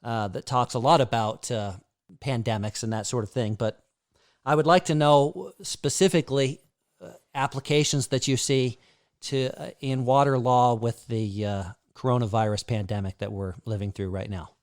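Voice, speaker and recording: A man hosting an interview, asking measured and hesitant questions full of pauses. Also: mid-range voice, dry recording, studio quality. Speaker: podcast host, interviewer. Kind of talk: conversational interview.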